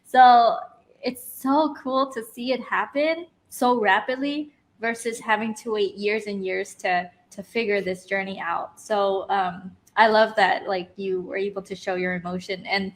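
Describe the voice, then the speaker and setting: A woman's voice: mid-range voice, fairly even intonation, a little slow. A woman hosting a casual livestream chat, encouraging her guest and talking with many fillers and restarts; she moved to America as a child. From immigrant to America. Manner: warm, encouraging, filler-heavy. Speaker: host.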